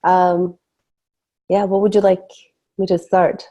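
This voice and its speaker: A woman's voice: lowish voice, level tone, slow, dark tone. A woman speaking as a client on a coaching call, hesitant and searching for her words.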